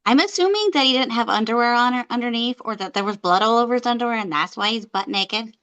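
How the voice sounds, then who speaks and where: A woman's voice: fairly high pitch, fast talker, a bit bright, clear, resonant tone, rough recording. A woman guest on a podcast, chatting casually about a film in a wandering way that trails off. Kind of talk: casual film-discussion chat.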